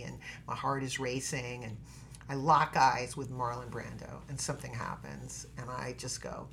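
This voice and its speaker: A middle-aged actress telling a story as a podcast guest. She is expressive and dramatic, and acts out every quote. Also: rumbling low, normal speed, gravelly, slight background noise. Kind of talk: animated storytelling in a podcast interview.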